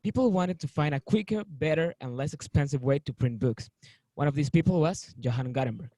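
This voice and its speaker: Student reading, dry and dark. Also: male voice, a little high, fairly quick, no echo, poor audio. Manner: reads with small slips and self-corrections. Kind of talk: reading aloud in class.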